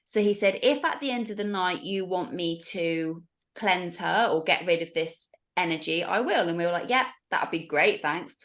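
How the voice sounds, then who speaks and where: A woman's voice: on the low side, moderate pace. A woman, a podcast guest, telling a story in casual chat and acting out the voices of other people. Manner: animated, acts out the voices of others.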